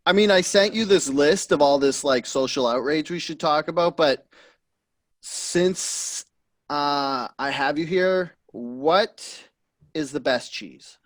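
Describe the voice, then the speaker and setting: A man hosting a podcast in an energetic, joking, playful way. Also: fairly high pitch, slow pace. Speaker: podcast host. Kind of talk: casual podcast chat.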